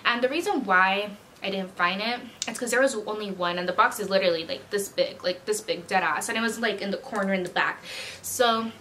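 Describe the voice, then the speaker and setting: A woman's voice: medium pitch, a little fast, sharp tone, a little hiss or hum. A young woman vlogger telling a retail storytime in a chatty, slangy way and acting out the people in it. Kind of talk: casual storytime chat.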